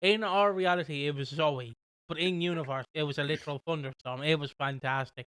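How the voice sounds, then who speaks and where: A young British man co-hosting a podcast, casually recapping a soap with a rambling, animated manner. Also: fairly high pitch, brisk, clean tone, no echo. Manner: rambling, animated retelling with quoted voices. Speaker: podcast co-host.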